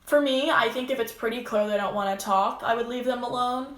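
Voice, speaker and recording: A woman's voice: a little high, a little fast, roomy sound. A young woman chatting casually as co-host, giving easygoing advice and saying like a lot. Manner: easygoing, says like often.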